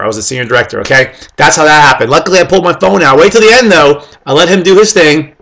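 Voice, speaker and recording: A man telling his team casual, animated stories about recruiting people, acting out the conversations and speaking to his listeners directly. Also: a little high, rapid-fire, vocal fry, hardly any pauses. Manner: animated, acts out quoted conversations; addresses listeners directly with "okay?" and "guys". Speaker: network marketing team leader.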